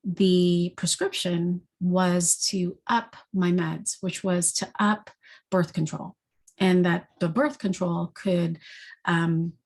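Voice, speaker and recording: A woman sharing a personal story, halting and earnest, with frequent restarts and repeated words. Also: fairly low pitch, darkish tone. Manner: earnest and heartfelt.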